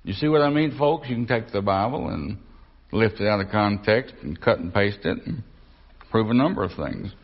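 A man's voice: on the low side, normal speed. A man preaching a conversational Bible lesson, folksy, repeating himself and asking the room questions. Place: church or Bible class. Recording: dull lo-fi recording.

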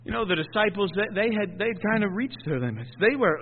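A high-voiced man preaches a sermon, dropping to a hush and then rising loud, often stumbling and repeating words. The sound is thin and tinny like a phone line, with a long echo trailing off in a large hall. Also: lively intonation, a little fast.

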